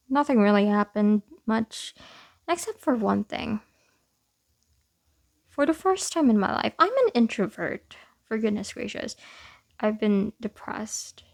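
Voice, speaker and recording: A young woman with a creaky, medium-pitched voice chats casually through her year in a vlog. She's self-deprecating and often laughs at herself.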